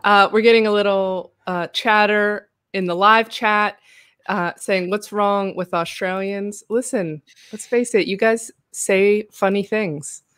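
A woman's voice: mid-range voice, measured pace, clear, resonant tone, no echo. Chatty American woman hosting, dry sound. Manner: chatty, laughs often, animated asides. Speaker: host. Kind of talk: casual livestream chat.

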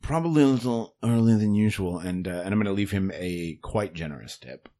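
A man's voice: lowish voice, lively intonation, a little fast, dark tone. A man playing a character in a tabletop game, asking questions in a dry manner. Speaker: player. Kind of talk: tabletop role-play.

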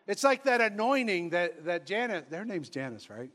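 Exuberant high-voiced priest telling stories. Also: male voice, big pitch swings, moderate pace, a bit bright. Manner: exuberant and humorous, laughing as he tells stories; acts out quoted voices. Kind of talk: storytelling sermon.

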